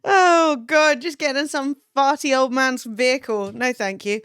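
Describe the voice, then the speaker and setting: A woman's voice: high voice, steady tone, moderate pace, fairly bright tone, clean tone, no room sound, clean studio sound. A young woman live-streaming, chatting casually with her chat, swearing freely and laughing often.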